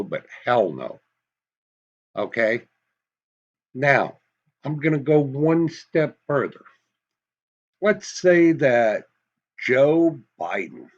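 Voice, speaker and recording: A man's voice: medium pitch, creaky, muffled recording. A man with a Massachusetts accent giving an emphatic, folksy opinion monologue, full of rhetorical questions. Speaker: commentary vlogger.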